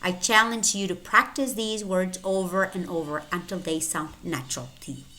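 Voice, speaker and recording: A woman teaching English pronunciation, saying each word slowly and clearly, usually twice, then explaining the spelling. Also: lowish voice, bright, forceful tone, slight background noise. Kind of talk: slow, deliberate pronunciation lesson.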